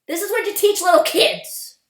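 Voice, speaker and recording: A woman's voice: extremely high pitch, moderate pace, echoey room. A woman vlogger ranting in exasperation, swearing freely and often restarting her sentences. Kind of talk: profane ranting commentary.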